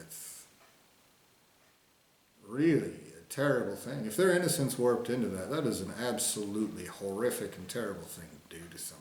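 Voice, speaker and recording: A man's voice: medium pitch, a little mellow. Guy ranting to camera, cursing a lot, repeats himself for emphasis, roomy echo. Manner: angry, insistent, profane, repeats phrases for emphasis; mocks others with sing-song put-on voices. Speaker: vlogger.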